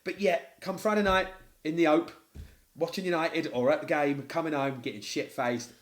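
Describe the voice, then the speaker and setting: A man's voice: fairly high pitch, moderate pace. A middle-aged man co-hosting a podcast, telling stories in a casual chat and swearing freely. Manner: animated storyteller, swears freely. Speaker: podcast co-host. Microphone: podcast microphone.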